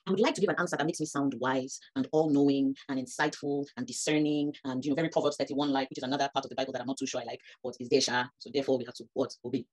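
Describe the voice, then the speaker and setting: A woman's voice: very deep voice, racing, few pauses. A woman, preaching a sermon that rises to emphatic peaks. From Nigeria. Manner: animated, rising to emphatic peaks.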